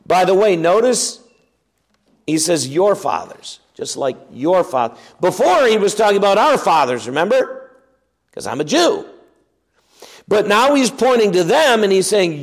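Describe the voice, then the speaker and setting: Slow, emphatic male Bible teacher. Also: high voice, expressive. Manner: emphatic, reads scripture aloud then explains it.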